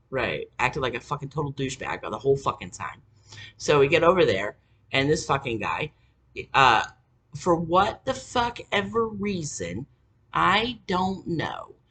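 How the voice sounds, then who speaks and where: With a lowish, somewhat bright voice and slight background noise, a woman recounts a family story to camera. Her delivery is an exasperated, sarcastic rant full of cursing.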